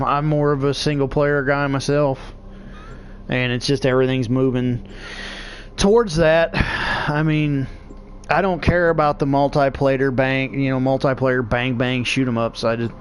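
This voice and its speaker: Amid slight background noise, a medium-pitched middle-aged man chats casually while playing a game. This gaming vlogger rambles, swears freely and laughs often.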